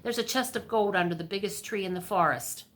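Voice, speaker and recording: A woman voicing a scheming, pushy king in a storybook reading, talking brisk and excitable. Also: mid-range voice, natural voice.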